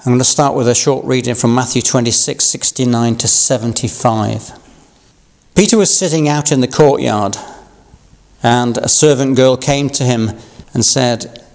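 A man from Yorkshire preaching an Easter sermon, reading scripture and talking in a measured, conversational way with asides. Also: mid-range voice, darkish tone. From Yorkshire, England. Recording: long reverb of a large hall.

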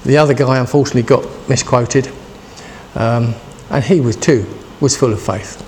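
A man's voice: medium pitch, moderate pace, a little mellow, a little hiss or hum. A man in his sixties preaching a casual, chatty sermon and asking his listeners questions. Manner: chatty, asks the congregation questions.

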